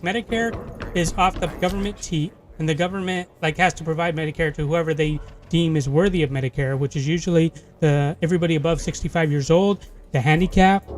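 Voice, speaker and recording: A man hosting a gaming stream, ranting heatedly with a lot of profanity, from California. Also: high-pitched. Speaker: gaming channel host. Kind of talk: casual rant while streaming a game.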